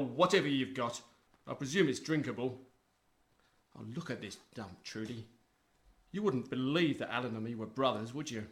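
A man's voice: mid-range voice, a little hiss or hum, close to an everyday voice. A man playing a pompous, sneering British brother. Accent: British English. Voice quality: sneering, contemptuous. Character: pompous bullying wealthy man, scornful and blunt. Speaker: rich brother negotiating a property deal. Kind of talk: sitcom acting.

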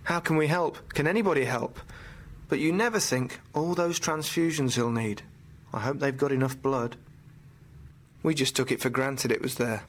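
A man's voice: mid-range voice, moderate pace, natural voice. A man playing an earnest, shaken father. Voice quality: earnest, reflective. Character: stunned father recalling his son's illness. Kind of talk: public service ad monologue.

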